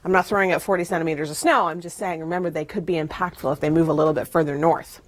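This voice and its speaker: A woman's voice: low-pitched, fairly even intonation, rapid-fire. A woman presenting the TV weather forecast in an upbeat, chatty way, leaning on key words. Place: TV studio.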